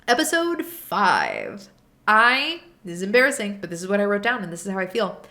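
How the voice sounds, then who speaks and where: Young woman host, unscripted exasperated rant, pitch jumping up when riled. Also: normal speed. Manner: animated, exasperated ranting. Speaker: video essay host. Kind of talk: unscripted reaction commentary.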